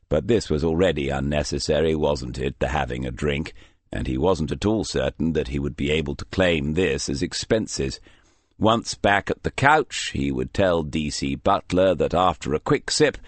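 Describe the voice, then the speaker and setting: A man reading a crime novel aloud in measured, dry storytelling narration. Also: extremely low pitch, no echo. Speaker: audiobook narrator. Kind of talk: scripted narration.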